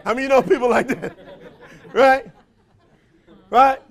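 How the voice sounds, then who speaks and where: This sales-company motivational trainer has a high, creaky voice and speaks at normal speed to a live audience. He keeps the crowd engaged with energetic call-and-response questions, folksy slang, and plenty of laughter.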